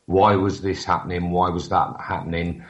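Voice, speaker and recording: A man's voice: sits low, steady tone, normal speed. A man, a radio show guest, talking earnestly over an internet call, hesitant with many restarts and fillers. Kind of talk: casual chat over a call. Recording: dull, muffled call line.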